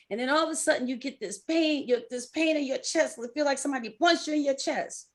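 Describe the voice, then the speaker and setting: Speaking fairly quickly with few pauses, a middle-aged woman with a high voice hosts a coaching talk. The life coach and podcast host hands out advice casually, plays out inner voices, and often breaks into laughter.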